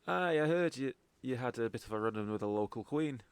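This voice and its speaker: A man's voice: medium pitch, animated, brisk, clean tone, dry recording, natural voice. A man voicing a male local contact with a put-on Scottish accent, folksy and full of "aye". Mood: conspiratorial. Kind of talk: in-character voice in a tabletop game.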